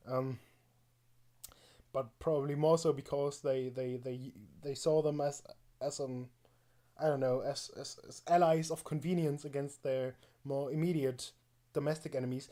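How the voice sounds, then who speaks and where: A man's voice: mid-range voice, warm tone. A man streaming live, reacting to a video with rambling, mocking commentary, full of fillers and laughs.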